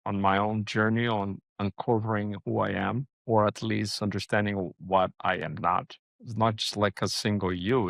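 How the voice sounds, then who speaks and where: A man hosting a podcast interview, musing out loud with halting restarts and searching questions. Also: fairly low pitch, gravelly, no echo. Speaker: podcast host. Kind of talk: casual interview conversation.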